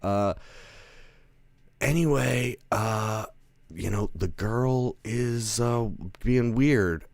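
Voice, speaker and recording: A man's voice: mid-range voice, drawn-out words, creaky, no echo. A man giving a casual movie review, rambling with lots of fillers, restarts and chuckling asides. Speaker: film reviewer.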